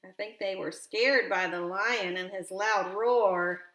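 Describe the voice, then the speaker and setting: A woman reading a counting picture book aloud with expression, stopping to ask a child gentle questions. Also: medium pitch, slow pace. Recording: roomy echo.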